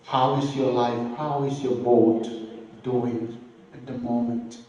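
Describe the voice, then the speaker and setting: Slow echoey preacher man. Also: mid-range voice, little pitch movement, warm tone, dull audio. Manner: slow, earnest preaching with repeated phrases and emphatic rises. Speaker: pastor. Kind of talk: sermon. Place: church hall. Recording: echoey church hall, voice from a distance.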